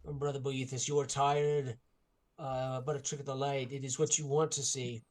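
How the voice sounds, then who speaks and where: A man voices a calm, formal monk who speaks in a soothing, courteous way. His voice stays close to an ordinary speaking voice, measured and polite. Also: mid-range voice, lightly acted.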